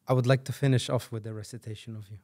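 A man hosting a podcast, wrapping up the interview with a soft, polite manner. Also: mid-range voice, fairly even intonation, racing, no room sound, studio quality. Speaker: podcast host. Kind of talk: casual interview wrap-up.

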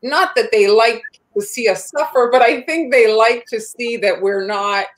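A woman's voice: on the high side, moderate pace, low-quality recording. A woman co-hosting a cookie-decorating livestream, chatting casually and reading out viewer comments.

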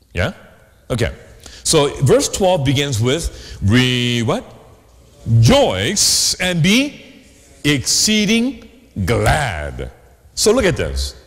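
A man preaching a sermon as pastor, animated, often asking the congregation questions. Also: mid-range voice. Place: church sanctuary. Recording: long hall reverb.

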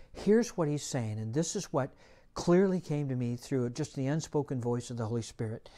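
A man's voice: mid-range voice, expressive, normal speed, darkish tone. A male pastor preaching a sermon in church, telling a folksy story and rising to emphatic bursts. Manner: folksy, self-deprecating.

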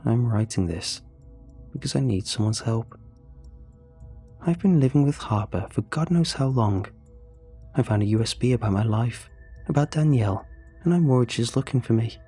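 A man reading a first-person horror story in a steady, measured storytelling voice. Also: mid-range voice, slightly rough, soft background music. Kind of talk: scripted horror narration.

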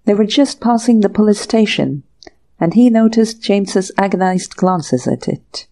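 A woman narrating an audiobook of a classic short story in a steady, measured way. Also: medium pitch. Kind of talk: scripted narration.

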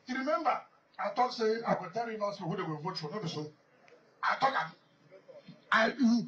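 A man with a Nigerian accent speaks high in his register, pressing his points with repetition as he rambles through a public speech. He sounds set back from the microphone, and the recording is dull and muffled, with a light hiss underneath. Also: animated, normal speed, long pauses, far from the mic. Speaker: politician addressing a gathering.

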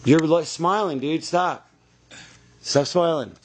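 A young man directing actors on a film set, giving brisk, encouraging instructions. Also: fairly high pitch, husky.

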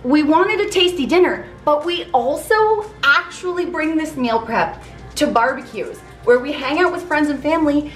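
A bubbly, excited woman hosts a casual cooking vlog, her voice bright and high. She talks in quick eager bursts. The room around her is echoey, with faint music behind her. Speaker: vlog host.

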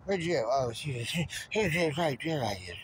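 A man's voice: a little high, sing-song, moderate pace, slight background noise. Man rambling and muttering number codes. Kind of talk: stream-of-consciousness monologue.

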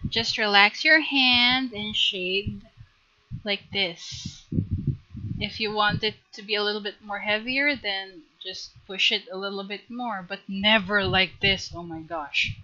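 A woman teaching a live drawing tutorial on stream, chatty and giggly, gently coaching her viewers. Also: medium pitch, unhurried, highs cut off.

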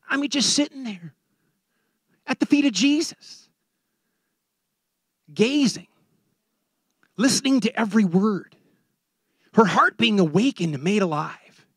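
A man preaching a sermon in an animated way, often repeating words as he builds a point. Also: very high voice, slightly rough, no room sound, clean studio sound.

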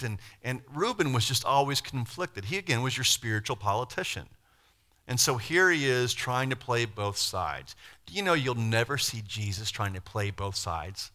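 A man preaches to his congregation in a bright, forward voice. He moves between plain teaching and quick acted-out voices of Bible figures, and asks his listeners questions as he goes. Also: medium pitch, animated. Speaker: pastor. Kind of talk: sermon. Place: church.

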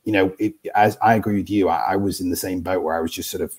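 A British man in his thirties speaks as a podcast guest, stumbling and restarting as he thinks aloud. His voice sits very low and has a husky, breathy edge. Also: fairly even intonation, fast talker, a little mellow. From United Kingdom. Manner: hesitant, many restarts and fillers. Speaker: guest draft analyst. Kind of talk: casual podcast chat.

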